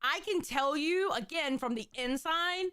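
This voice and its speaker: A woman hosting a casual livestream chat, reading viewer messages aloud, animated and swearing casually. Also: high voice, a little slow, dry recording, studio quality. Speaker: host.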